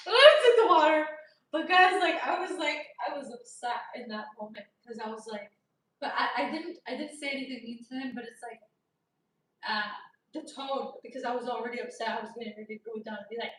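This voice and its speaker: A young woman tells a storytime vlog in a casual, animated way, naturally loud, laughing often and loudly acting out the dialogue. Her high, lively voice rings with heavy room echo and sounds distant, as if off-mic.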